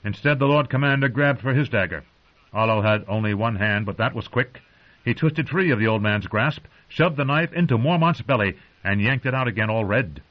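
Male audiobook reader, even mid pitch, steady dramatic delivery; dull audio. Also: moderate pace. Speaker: narrator. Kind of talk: audiobook narration.

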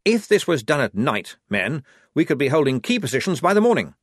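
A prissy, pompous young officer with a raised, mannered voice, as a male reader puts him on. The storybook reading leaps about in pitch and sounds dry and close. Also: sing-song, fairly quick, no echo. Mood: eager. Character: prim, earnest young officer, man, pompous and fussy.

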